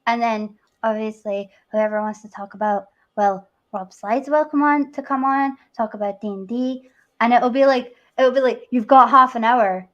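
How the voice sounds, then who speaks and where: A woman's voice: fairly high pitch, fairly even intonation, dull audio. A woman with an Edinburgh Scottish accent, hosting a casual livestream chat and laughing easily. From Scotland. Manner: giggly, chatty, quick to laugh. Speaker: stream host.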